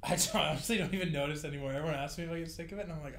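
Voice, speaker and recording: A Canadian man chatting as a podcast guest, relaxed and self-deprecating, often chuckling. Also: a little high, racing, creaky. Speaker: podcast guest, rugby player. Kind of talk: casual chat. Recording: roomy echo.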